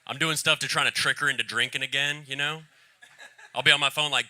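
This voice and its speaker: A man with a very bright, crisp voice delivers a stand-up set on a club stage. He tells dark jokes with a deadpan edge and pushes his voice higher or softer for effect, working into a handheld mic. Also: fairly quick. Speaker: stand-up comedian.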